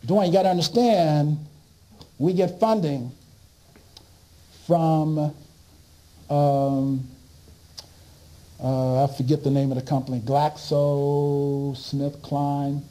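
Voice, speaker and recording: A man's voice: a little high, mellow, pitched below the performer's own voice. A man voicing a flustered male association director who hesitates and backpedals.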